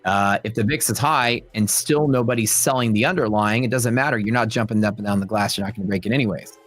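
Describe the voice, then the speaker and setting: A man's voice: on the low side, fast, soft background music. A young adult man hosting a trading livestream, chatting casually with his audience and telling stories with playful quoted voices. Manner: joking, animated storytelling with quoted voices. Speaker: livestream host. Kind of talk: casual chat with live chat.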